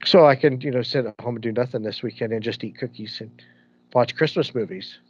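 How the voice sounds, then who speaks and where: A podcast co-host talks casually and a little fast in a medium-pitched voice, rambling through anecdotes and restarting often. The recording lacks echo and sounds dull and lo-fi.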